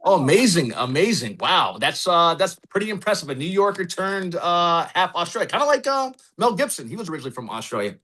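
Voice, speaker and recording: A man's voice: sits high, sing-song, brisk, few pauses, pushed and bright. A man hosting a podcast, talking loosely and chattily with many fillers. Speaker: podcast host. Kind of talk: casual interview.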